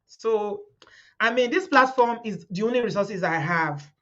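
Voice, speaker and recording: A woman's voice: mid-range voice, lively intonation, a little slow, a bit bright, dull audio. A middle-aged Nigerian woman hosting a live stream, talking fervently to her viewers, repeating words and quoting the people she speaks about. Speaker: host of a live community stream.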